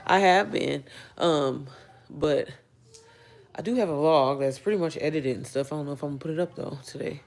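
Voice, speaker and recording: A woman's voice: sits low, normal speed, gravelly, a little mellow. A young woman from Indiana chatting casually on a home livestream, greeting viewers by name and reading their comments aloud. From Indiana, United States. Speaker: livestream host. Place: indoors at home.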